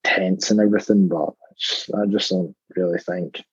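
A man's voice: sits low, steady tone, moderate pace, husky, no room sound, dull audio. A male football player as a guest in a casual interview, plain-spoken and hesitant with lots of "like".

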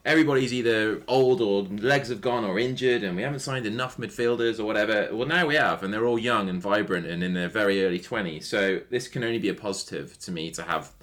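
A man's voice: lowish voice, fast talker, few pauses, fairly bright tone. A man hosting a casual football podcast, laid-back and chatty, laughing easily and swearing casually. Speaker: podcast host.

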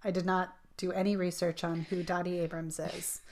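A woman's voice: fairly low pitch, little pitch movement, normal speed, darkish tone. A woman co-hosting a casual chat podcast, chatty and laughing as she reads out trivia questions. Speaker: podcast co-host.

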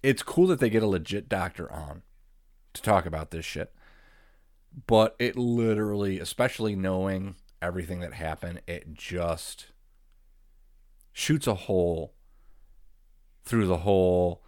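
Man, very low voice, rambling casual recap, swears easily, dry close sound. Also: measured pace, long pauses, a little mellow, no echo. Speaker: podcast co-host.

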